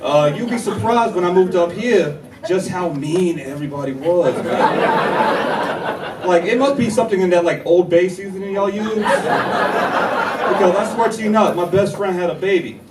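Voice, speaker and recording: A young man from North Carolina, performing a stand-up comedy set with animated storytelling and banter with the audience. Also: high-pitched, unhurried, over a noisy crowd, very noisy. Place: comedy club stage. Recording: echoey club taped from far. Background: laughing live audience.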